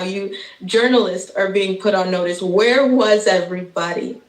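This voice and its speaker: A woman's voice: medium pitch, steady tone, a little slow, reverberant, low-quality recording. A woman in her thirties giving an impassioned speech as a guest on a live stream, emotional and stumbling, with nervous laughs. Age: 30s.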